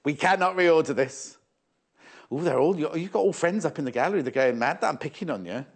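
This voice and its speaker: A man's voice: a little high, expressive, a little fast. A man presenting fabrics live on a shopping channel, chatty and teasing, often repeating prices and stock levels.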